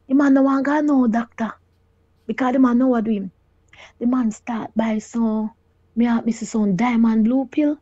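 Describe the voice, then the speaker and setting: A middle-aged Jamaican woman telling her own story in a casual, animated way, often quoting others and exclaiming. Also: medium pitch, moderate pace, dry recording, dull audio. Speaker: caller sharing her story.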